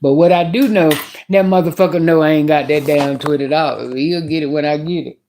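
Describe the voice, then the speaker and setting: A woman's voice: deep voice, steady tone, brisk, mellow, a little hiss or hum. A woman vlogger telling a story in a casual rant, blunt and profane as she vents.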